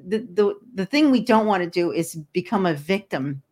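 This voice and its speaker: A medium-pitched, animated female voice with a darkish tone moves at a moderate pace. It belongs to an older woman, an energy healer and interview guest, who speaks earnestly in a casual exchange, repeating words often while looking for the right phrasing.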